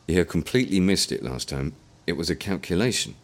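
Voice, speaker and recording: A man narrating an audiobook in an expressive storytelling manner. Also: low voice, brisk.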